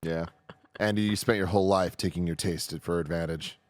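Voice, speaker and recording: A man's voice: low voice, fairly even intonation, brisk, no room sound. A man hosting a podcast in casual chat, giving upbeat, jokey introductions. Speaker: podcast host.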